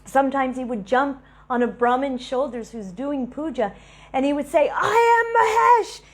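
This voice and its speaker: A woman giving a devotional talk, telling lively stories and laughing between them. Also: high voice, normal speed. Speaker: devotional speaker.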